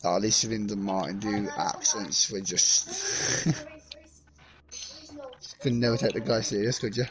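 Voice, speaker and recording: A man's voice: on the low side, steady tone, unhurried. A man gaming with a friend, chatting bluntly and teasingly and swearing freely. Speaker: co-player on stream. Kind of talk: casual chat while gaming.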